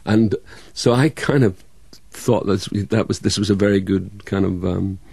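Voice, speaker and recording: A man's voice: lowish voice, steady tone, gravelly, darkish tone, slightly rough, no room sound. A man from Scotland, an actor, with a hybrid Scottish, English and American accent, chatting in an interview and restarting his sentences often. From Scotland, Dundee. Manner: halting, many restarts and fillers. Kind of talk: casual interview chat.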